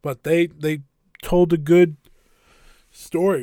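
A man with a slightly raised voice recaps a wrestling show in a loose, excitable way, full of opinions and the odd filler. The sound is close and dry, with no room around it. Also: fairly high pitch, a little slow, no room sound. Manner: enthusiastic, opinionated, rambling with fillers. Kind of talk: casual recap commentary.

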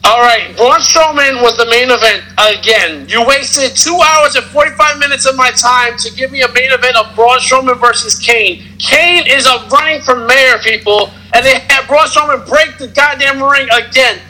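A man's voice: extremely high pitch, moderate pace, sharp tone, low-quality recording. A man co-hosting a casual wrestling podcast, ranting in a sarcastic, profane way. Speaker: podcast co-host. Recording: clear background noise.

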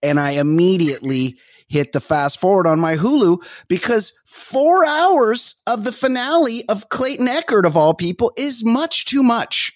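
A sarcastic man co-hosting a podcast, talking in an animated, rant-prone way. His voice comes across dry and close, with no room sound around it. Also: on the high side, dry recording. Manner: animated, sarcastic, swears freely. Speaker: podcast co-host. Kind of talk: casual chat.

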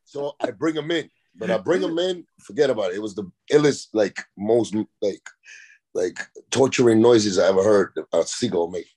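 A man's voice: on the low side, normal speed. A man, a rapper and podcast guest, telling rambling, profane stories in a casual chat. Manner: rambling, profane, animated anecdotes.

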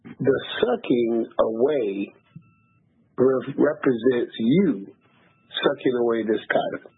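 A man working as a psychic reader on a phone line, calm and measured, asking questions and giving readings. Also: medium pitch, slightly rough, no echo. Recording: dry tinny phone line.

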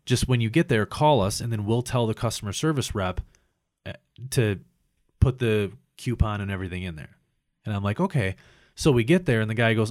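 Profane, animated storyteller man, low voice. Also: a little fast, no echo, clean studio sound. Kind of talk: casual storytelling chat.

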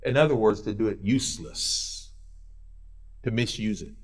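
A male pastor preaching a sermon in a church, swinging between loud urging and quiet intensity. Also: lowish voice, moderate pace.

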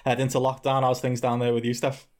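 A man's voice: medium pitch, completely flat delivery, fast. A man hosting a podcast chat, leading the talk and laughing often. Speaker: podcast host. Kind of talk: casual chat.

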